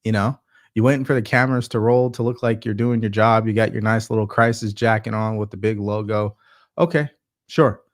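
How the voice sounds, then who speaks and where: A man hosting casual political commentary, talking slowly with lots of fillers and a sarcastic edge. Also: on the low side, fairly even intonation, dry recording, studio quality. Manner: slow, hesitant with many fillers, sarcastic.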